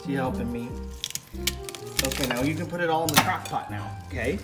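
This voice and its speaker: A middle-aged man casually vlogging as he cooks in a home kitchen and gently coaches his young daughter with a knife, chatty and jokey. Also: medium pitch, normal speed. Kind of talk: casual cooking ASMR vlog. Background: music and kitchen clatter of knives and pots.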